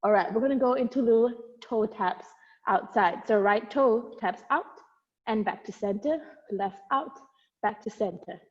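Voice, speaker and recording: Fitness instructor, young woman, higher voice, counts reps while moving, earbud mic, dull sound with long reverb. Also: moderate pace. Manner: encouraging cueing with counts, light laughs. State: out of breath at times while exercising. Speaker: barre instructor. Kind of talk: guiding an at-home workout class. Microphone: wireless earbuds.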